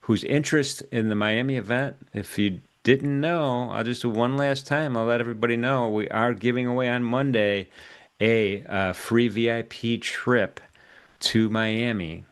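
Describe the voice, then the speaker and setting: A man hosting a live trading stream, chatting casually and joking with guests, with many filler words. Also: lowish voice. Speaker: host of a live trading show. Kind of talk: casual livestream sign-off chat.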